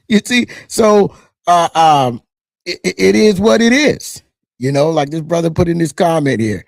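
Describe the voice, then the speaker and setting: Animated husky-voiced middle-aged American man. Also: fairly high pitch, moderate pace, no room sound, studio quality. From United States. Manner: animated, emphatic, frequent restarts. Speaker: channel host. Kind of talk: casual commentary.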